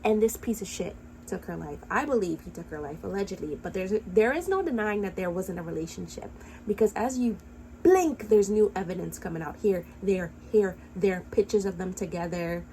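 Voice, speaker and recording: A woman's voice: medium pitch, expressive, normal speed, dark tone, slight background noise, poor audio. A woman giving heated, blunt reaction commentary, ranting angrily and swearing freely. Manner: angry, impassioned ranting; blunt, profane. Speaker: commentary vlogger.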